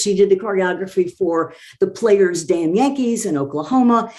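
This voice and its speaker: A woman appears as a podcast guest to promote a community theater show, chatting casually in an effusive, enthusiastic way. Her voice is mid-range and mellow.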